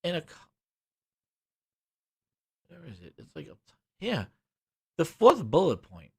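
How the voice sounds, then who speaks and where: A man streaming games, ranting and sarcastic as he reads a web page aloud, muttering low over the text and swearing when he gets worked up. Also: wildly swooping pitch, a little slow, slightly rough. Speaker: gaming streamer. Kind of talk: ranting commentary while reading a web page.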